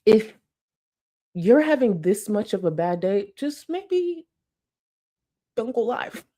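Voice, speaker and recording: A woman talks casually as a commentary host. Her pitch is lively and moves a lot. She breaks into high, exaggerated exclamations and laughs partway through lines. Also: slow.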